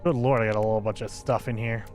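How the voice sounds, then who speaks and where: A man's voice: lowish voice, steady tone, fast, darkish tone, soft background music. A man live-streaming a video game, talking casually with viewers in loose, rambling commentary.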